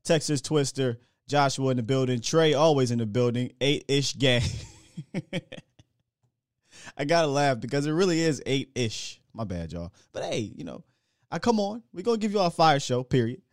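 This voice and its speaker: A man hosting a live sports talk stream, hyped and slangy, reading shout-outs to the chat. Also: medium pitch, lively intonation, fairly quick, no room sound, clean studio sound. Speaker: sports show host.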